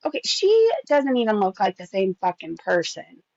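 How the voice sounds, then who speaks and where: A woman rambles through casual gossip commentary, chatty and loose with swearing. Her voice carries a gravelly fry. The recording is dry and a little dull. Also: mid-range voice, wildly swooping pitch, normal speed, a little mellow, dry recording. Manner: chatty, swearing, laughs often.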